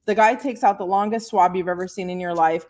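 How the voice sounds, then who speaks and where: A woman in her forties tells a story in relaxed podcast chat. She is animated and quick to laugh, and she slips into little voices for the people in her tale. Her voice sits at a middling pitch. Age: 40s. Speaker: podcast guest. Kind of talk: casual storytelling.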